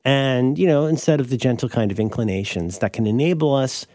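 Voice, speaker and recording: A man co-hosting a podcast talks in a rambling, self-correcting way, often restarting his sentences. His voice sits at a middle pitch. It was recorded dry and close to the mic. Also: a little fast, warm tone, no echo. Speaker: podcast co-host. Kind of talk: casual chat.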